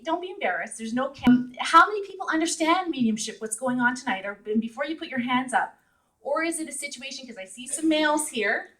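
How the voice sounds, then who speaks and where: A middle-aged woman from Canada giving a talk to a live audience at an event, chatty and often laughing. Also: on the high side. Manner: chatty, laughs often, voice rises when animated. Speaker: guest speaker. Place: event hall. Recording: distant mic in a hall.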